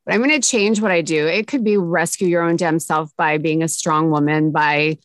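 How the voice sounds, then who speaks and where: A woman's voice: low-pitched, fairly even intonation, normal speed, no room sound. A woman hosting a podcast, talking in an upbeat, sassy and emotional way. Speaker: podcast host. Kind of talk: casual chat.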